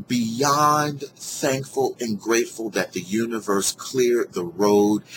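A man casually telling a personal story to his viewers, earnest and heartfelt, animated when he retells what people said. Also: lowish voice, slight background noise, rough recording. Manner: animated, acts out quoted dialogue in a raised voice; earnest and heartfelt about gratitude. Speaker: vlogger sharing a personal story.

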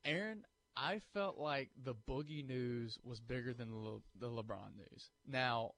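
Animated male sports radio co-host. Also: medium pitch, measured pace. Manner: animated, argumentative, acts out imagined listener objections.

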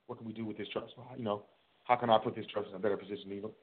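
Male host, lowish voice, casual rambling monologue, tinny phone-quality audio. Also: fairly even intonation, very fast, husky. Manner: rambling, repeats words, acts out dialogues. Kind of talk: casual solo talk.

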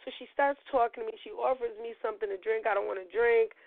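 A middle-aged woman spins a street-fight story in a high-set, slightly gravelly voice, swearing freely and acting out each side of the argument. The sound is dry and squeezed into a narrow phone-like band. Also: fast, no room sound. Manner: profane, animated storytelling with acted-out quotes. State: recovering voice, gravelly. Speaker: podcast host. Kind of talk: storytelling monologue. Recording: tinny phone-like line.

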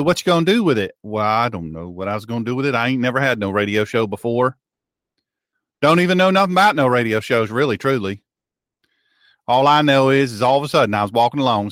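Folksy joking radio host, dry sound. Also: male voice, mid-range voice, a bit bright, clear, resonant tone, no room sound. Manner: folksy, mock-Southern drawl, joking. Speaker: radio show host and pastor. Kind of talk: sarcastic casual radio monologue.

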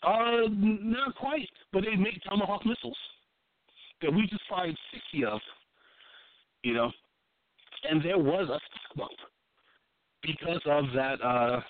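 A man's voice: high voice, unhurried, pauses often. A man giving casual political commentary as a podcast co-host, blunt and profane, often restarting and repeating himself as he builds a point. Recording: thin phone-like dry sound.

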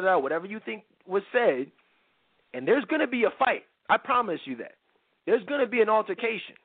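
A man with a fairly high voice hosts a talk radio show, holding forth in a blunt, slang-heavy monologue aimed at his listeners. The sound is dry and narrow, like a phone line. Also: expressive, a little fast, no echo.

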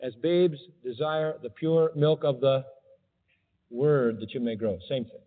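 A man preaching a sermon, emphatic and animated, mocking his subject with sarcastic quotes. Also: measured pace, big-room sound, narrow, tinny audio. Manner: emphatic, sarcastic quoting with big pitch jumps.

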